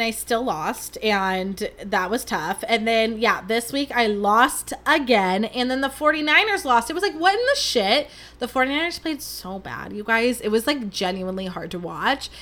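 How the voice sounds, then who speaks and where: A woman's voice: fairly high pitch, bright, forceful tone. A young woman hosting a podcast, talking in a rambling, dramatic and self-mocking way. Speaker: podcast host. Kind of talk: casual chat.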